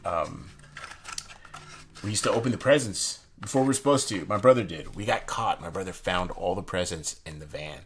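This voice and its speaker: Deep male voice, rambling casual card reviewer, slight background hiss. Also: normal speed, fairly bright tone. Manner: rambling, chatty, lots of fillers and asides. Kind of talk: casual rambling review while handling cards.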